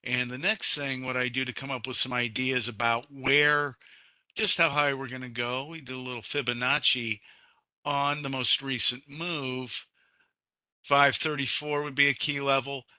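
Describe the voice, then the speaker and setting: A man with a very bright, sharp tone talks through commodity charts in a measured, explanatory webinar style. His voice sounds dry and close, with almost no room around it. He moves from point to point steadily, pointing out levels as he goes. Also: mid-range voice, flat delivery, smooth, no room sound. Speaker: market analyst. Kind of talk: webinar market commentary.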